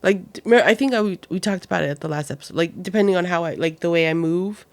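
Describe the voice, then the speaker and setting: A woman's voice: on the low side, fast. A pregnant woman in her thirties, co-hosting a podcast in casual chat and acting out quoted lines as she tells a family story. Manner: animated storyteller, acts out quotes. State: heavily pregnant. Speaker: podcast co-host.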